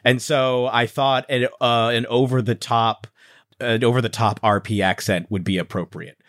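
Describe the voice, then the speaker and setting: A man's voice: medium pitch, steady tone, moderate pace, fairly bright tone, no echo, clean studio sound. A man co-hosting a podcast, speaking in a casual, thoughtful way with many hesitations.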